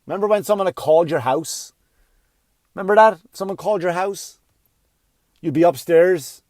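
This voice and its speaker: A middle-aged man doing a stand-up comedy routine, profane and ranting, swinging from muttering to yelling. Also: on the high side, lively intonation, moderate pace, dry recording.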